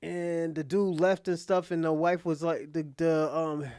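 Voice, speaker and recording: High-voiced man rambling through a story. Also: flat delivery, unhurried, darkish tone, clear, resonant tone, no echo, clean studio sound. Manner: slangy, profane, loose storytelling with many fillers. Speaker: streamer recapping a drama. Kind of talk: casual rambling retelling. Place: at home, indoors.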